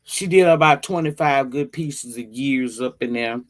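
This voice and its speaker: A woman hosting a casual livestream, greeting viewers by name and chatting in a profane, drawn-out way. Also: a bass voice. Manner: slow, drawn-out delivery. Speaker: livestream host.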